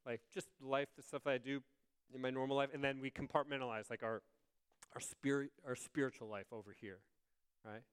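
Conversational man preaching, smooth voice. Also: medium pitch. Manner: conversational, asks the congregation "right?". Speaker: pastor. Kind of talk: sermon.

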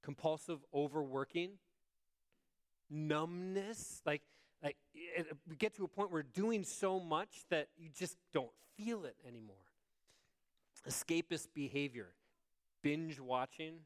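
A man gives a sermon in an easygoing, conversational manner, often pausing to check in with the congregation. His voice sits a little high for a man and sounds smooth and clear. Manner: conversational, asks the congregation "right?". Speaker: pastor.

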